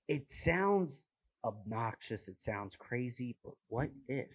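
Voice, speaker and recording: Man, young adult, podcast host, casual rambling chat, self-mocking, lowish voice, dry close mic. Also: normal speed, slightly rough, dry recording, low-quality recording. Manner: rambling, self-mocking humor with many fillers.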